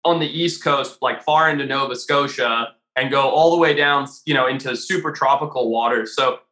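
A man telling a story as a podcast guest, animated and casual, swearing freely and filling his talk with "like" and "you know.". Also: medium pitch, moderate pace, echoey room. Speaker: podcast guest, shark diver.

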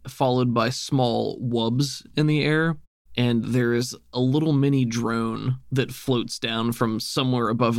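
A man narrating a tabletop game as game master in a relaxed, descriptive way with many fillers. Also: mid-range voice, dry recording, clean studio sound.

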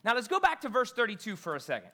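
A woman preaching a sermon to a congregation. She is conversational, asks the listeners questions, and swings between loud scripture reading and quiet asides. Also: a little high, huge pitch swings, rapid-fire. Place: church.

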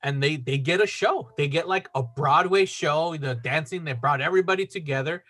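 A man's voice: fairly high pitch, moderate pace, a bit bright. A man casually recapping a movie on a podcast, rambling with lots of fillers. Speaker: podcast co-host.

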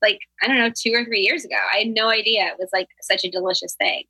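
Guest, young woman, bright tense voice, dry close sound, upbeat and full of "like"s. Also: mid-range voice, steady tone, fast talker, breathy edge, dry recording, low-quality recording. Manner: upbeat, reflective, many filler "like"s. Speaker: podcast guest, travel planner and health coach. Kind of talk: casual chat.

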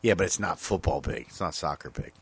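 A man on a casual podcast, his pitch sitting a little low but leaping up and down as he jokes. He swears constantly and breaks into laughter often. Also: fast, vocal fry, husky. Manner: laughing often, profane, lively. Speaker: podcast co-host. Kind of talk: casual crude banter.

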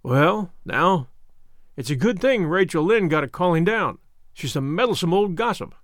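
A man reading an audiobook, voicing a shy, gentle older farmer who speaks hesitantly and mildly. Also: high-pitched, expressive, normal speed, no echo, clean studio sound. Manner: hesitant, mumbling and mild.

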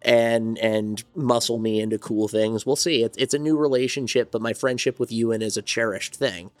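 A man's voice: mid-range voice, steady tone, normal speed, no room sound, soft background music. A man from New Jersey, a songwriter and studio owner, telling his story in a rambling, reflective way as an interview guest. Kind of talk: casual interview conversation.

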